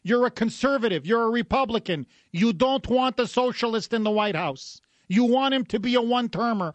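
A man hosting a combative political radio talk show. His voice sits high for a man and he sounds sarcastic and scornful throughout. The sound is close and dry, with no room around it. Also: lively intonation, brisk, hardly any pauses, no echo. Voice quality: sarcastic, scornful, mock gasps.

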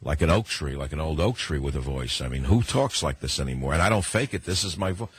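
A man's voice: a bass voice, lively intonation, quick pace, breathy edge, no room sound. An older man with a New York accent, hosting a talk radio show in a rambling, combative monologue.

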